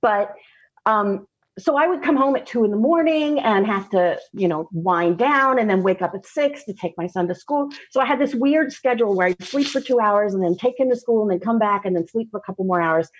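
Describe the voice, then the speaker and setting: A woman, a podcast guest telling a personal story candidly, laughing often and slowing down for emphasis. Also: mid-range voice, animated, slightly rough, highs cut off.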